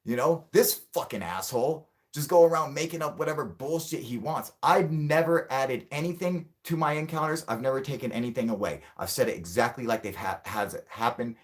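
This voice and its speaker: Man, livestream host, angry ranting, swears a lot, mid-pitched voice. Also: brisk, hardly any pauses. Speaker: channel host. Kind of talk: livestream rant with chat.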